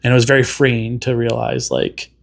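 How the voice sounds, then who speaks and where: A man guesting on a podcast, chatting casually, animated and joking. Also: medium pitch, moderate pace, vocal fry. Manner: animated, jokey, trails off mid-sentence. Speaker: guest, café owner. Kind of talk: casual chat.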